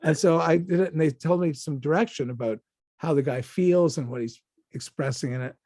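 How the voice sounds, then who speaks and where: A man's voice: a little high, brisk, no room sound. Give me a man telling stories in a dry, close recording. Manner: animated anecdotes with many restarts and acted-out quotes. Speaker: actor guest. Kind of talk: casual interview storytelling.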